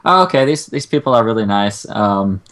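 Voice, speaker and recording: A young man co-hosting a casual chat, talking in long, excitable, profane rants. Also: fairly low pitch, brisk. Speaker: co-host.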